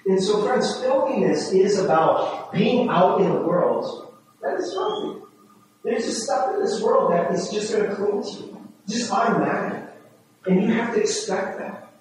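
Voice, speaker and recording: A high-voiced man preaches to his congregation in a very echoey hall, his voice reaching the mic from some distance. He talks with them rather than at them, often checking in with a quick "right?" and now and then acting out his own inner voice. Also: sing-song, darkish tone, a little hiss or hum. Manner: acts out his own inner voice with rising, fast self-talk. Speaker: pastor. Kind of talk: sermon. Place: church sanctuary.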